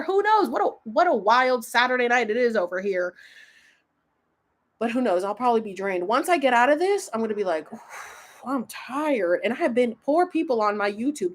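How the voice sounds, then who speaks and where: A young woman from Florida with a slight Southern twang, chatting casually and rambling cheerfully as she wraps up her livestream. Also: a little high. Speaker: livestream host.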